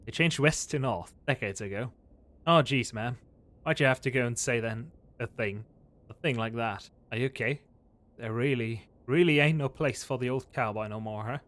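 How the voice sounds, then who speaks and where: A man's voice: medium pitch, moderate pace, fairly bright tone, natural voice. A man voicing a weary old cowboy who talks in a folksy drawl, reading game dialogue aloud. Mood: mournful.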